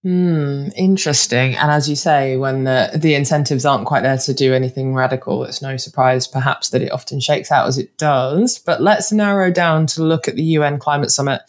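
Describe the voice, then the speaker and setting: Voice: mid-range voice, moderate pace, hardly any pauses. A podcast host with a northern English accent asking questions in a chatty, self-deprecating way, full of fillers. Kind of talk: casual interview questions.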